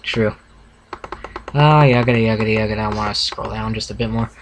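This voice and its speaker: Reading fanfiction with his co-host, a young man on the low side speaks briskly, tripping over words and fixing them as he goes in a casual reaction reading. Poor audio carries slight background noise.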